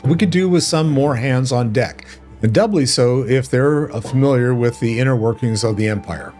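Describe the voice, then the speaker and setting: A man's voice: mid-range voice, moderate pace, darkish tone, faint music behind, close to an everyday voice. A man voicing a blunt, mercenary male pirate captain from a video game, reading the lines aloud boldly. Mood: gruff. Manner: bold, boastful, reads game lines aloud with small stumbles.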